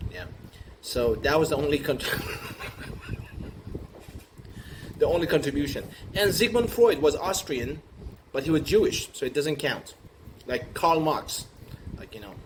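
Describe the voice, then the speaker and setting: A man riffing through an improvised comic monologue, rambling and halting with many fillers and restarts. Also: on the high side. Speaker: comedian. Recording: noisy recording with room ambience.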